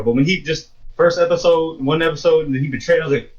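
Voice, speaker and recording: A man's voice: a little high, fast, lo-fi sound. A man co-hosting a podcast, chatting casually and swearing a lot, acting out the quotes in his stories. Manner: animated retelling with acted-out quotes, heavy swearing. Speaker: podcast co-host. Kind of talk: casual chat.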